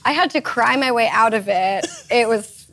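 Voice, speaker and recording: Woman, actress guest, giggly, playful, fairly high voice, noisy studio. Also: normal speed, a bit bright. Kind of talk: talk-show anecdote.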